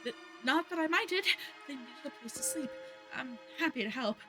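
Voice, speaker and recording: A woman's voice: high-pitched, lively intonation, moderate pace, over music, pitched above the performer's own voice. A woman voicing a meek, fidgety man who sleeps in a hole in the wall, talking sheepishly.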